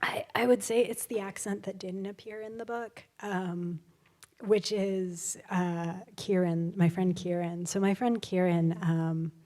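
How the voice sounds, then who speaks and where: A woman, an author guest at a live event, telling stories in a casual, animated way with many fillers. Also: on the low side, measured pace. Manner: animated, chatty, full of fillers and laughs. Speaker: author guest at a public talk. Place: live event before an audience.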